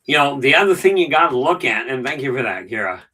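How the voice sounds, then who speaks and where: A man's voice: mid-range voice, sing-song, quick pace, sharp tone, recorded from a distance, low-quality recording. A middle-aged man hosting a casual live stream, telling stories with dry jokes. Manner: chatty storyteller with dry jokes. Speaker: channel host.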